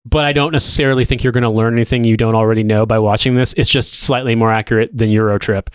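A man's voice: medium pitch, steady tone, fast talker, clear, resonant tone, no room sound, clean studio sound. A man in his thirties co-hosting a podcast, chatting loosely with lots of restarts and casual swearing. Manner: rambling, swears freely. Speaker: podcast co-host. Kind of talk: casual chat.

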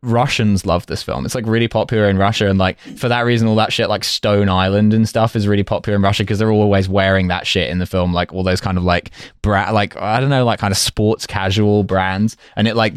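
A man co-hosting a podcast, chatting in a wry, quick way with casual swearing. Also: on the low side, clear, resonant tone, dry recording, studio quality. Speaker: podcast co-host. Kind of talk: casual chat.

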